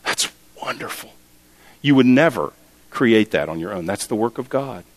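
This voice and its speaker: A man's voice: lowish voice, expressive, moderate pace, big-room sound. A man preaching a sermon as pastor, earnest and repeating key words for emphasis.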